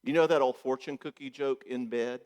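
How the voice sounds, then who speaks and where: A man's voice: mid-range voice, steady tone, normal speed, darkish tone. A man gives a joking, conversational conference talk as a marriage therapist, often checking in with the audience. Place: church hall. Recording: echoey church hall.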